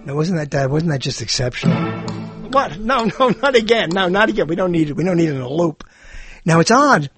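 A man giving a rambling spoken monologue, animated and digressive, often correcting himself mid-sentence. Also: a little high, brisk, music in the background. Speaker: monologue speaker.

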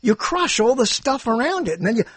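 A man's voice: very high voice, sing-song, brisk, slightly rough, dry recording. An older man rambling through a meandering, self-interrupting monologue, chuckling as he muses.

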